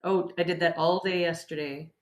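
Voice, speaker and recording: A woman's voice: fairly low pitch, fairly even intonation, normal speed. Tired woman host in an echoey room. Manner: candid, storytelling with laughs. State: tired from poor sleep. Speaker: podcast host. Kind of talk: casual chat.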